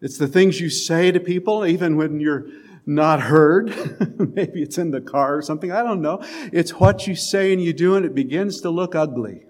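Guy preaching, talks to the congregation casually, goes quiet for emphasis, chuckles now and then. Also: fairly high pitch, normal speed. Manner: conversational preaching, drops to soft emphatic lines, occasional chuckles. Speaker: pastor. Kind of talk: sermon.

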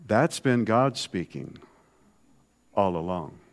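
A man preaching a sermon in a conversational way, swinging from soft, low asides to loud, emphatic lines. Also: big pitch swings, takes it slowly.

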